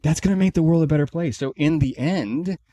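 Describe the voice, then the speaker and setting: A man co-hosting a podcast, telling a long story in a casual, animated way and acting out the people he quotes. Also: on the high side, brisk. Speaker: podcast co-host, company CEO.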